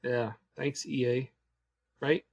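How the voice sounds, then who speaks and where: A man co-hosting a gaming podcast, explaining the news in a relaxed, matter-of-fact way. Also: medium pitch, slow, creaky, muffled recording. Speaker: podcast co-host covering the news. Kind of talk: casual podcast chat.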